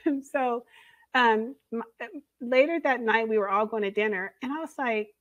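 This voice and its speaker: A middle-aged woman, a podcast guest, telling a story in a lively, laughing way. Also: on the high side, measured pace, no echo. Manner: animated, laughing storyteller who acts out the voices of others. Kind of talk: casual storytelling in an interview.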